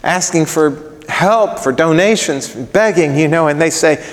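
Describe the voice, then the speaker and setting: Lively preacher in a reverberant hall. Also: male voice, fairly high pitch, normal speed, creaky, hardly any pauses. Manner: animated, acts out scenes in different voices. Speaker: pastor. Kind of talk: sermon. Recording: long reverb of a large hall.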